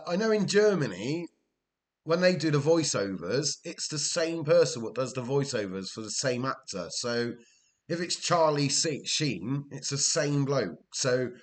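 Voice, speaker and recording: Chatty male game streamer. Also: medium pitch. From Wales. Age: older. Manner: rambling and chatty, chuckles often. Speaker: streamer playing a football management game. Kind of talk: casual live-stream chat with viewers.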